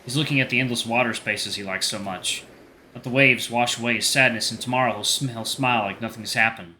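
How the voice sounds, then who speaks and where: A man voicing an anxious, sensitive teenage boy, reading a visual novel aloud in a slightly halting, earnest way. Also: mid-range voice, sharp tone, a little hiss or hum.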